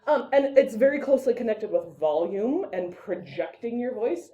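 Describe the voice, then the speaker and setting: A woman teaching public speaking to a class with a mellow, warm voice. She talks in a lively, chatty way and breaks off now and then to direct her students. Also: fairly high pitch, normal speed, dull audio. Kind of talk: casual classroom lesson.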